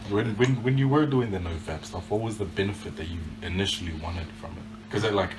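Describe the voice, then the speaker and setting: A man on a podcast, chatting casually with short agreements and relaxed questions. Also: lowish voice, a little fast. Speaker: podcast co-host. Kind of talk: casual chat. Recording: noisy recording.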